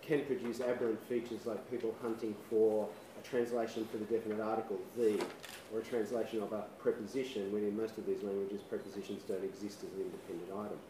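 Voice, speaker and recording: A man giving an academic conference presentation, measured, with a dry sense of humour and the odd filler. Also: lowish voice, little pitch movement, noisy background. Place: lecture hall. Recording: echoey hall, mic at a distance.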